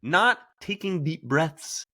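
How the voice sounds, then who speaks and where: A man's voice: on the high side, lively intonation, slow pace, sharp tone. A man hosting a podcast in a casual discussion, telling stories with animation and acting out quoted lines. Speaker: podcast host.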